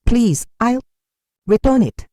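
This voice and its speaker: A storyteller voicing a terrified young man who pleads and shouts in panic, begging for help. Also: sits high, sing-song, a little slow, no echo, studio quality, voice pushed up. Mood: desperate. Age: young adult. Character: desperate young male thief, terrified and cursed.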